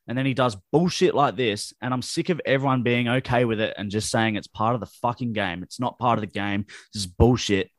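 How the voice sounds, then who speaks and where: A man's voice: mid-range voice, a little fast, hardly any pauses, no echo, clean studio sound. A man co-hosting a casual football chat, blunt and profane, given to heated rants. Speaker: podcast co-host.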